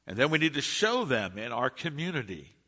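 A man's voice: medium pitch, very animated, a little fast, sharp tone, in a large hall. A male pastor preaching a sermon in an earnest, storytelling manner.

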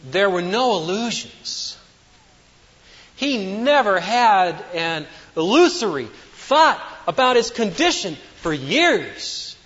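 A man's voice: high-pitched, very animated, takes it slowly. Emphatic preaching man, echoing hall. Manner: emphatic, swinging between loud declarations and hushed asides. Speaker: pastor. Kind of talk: sermon. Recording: dull lo-fi sound with long hall reverb.

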